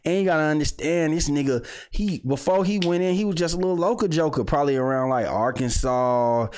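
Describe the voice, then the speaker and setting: A man hosting a livestream, talking in casual commentary with a loose, joking manner that swings from loud bursts to low mutters. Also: brisk, smooth. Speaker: livestream host.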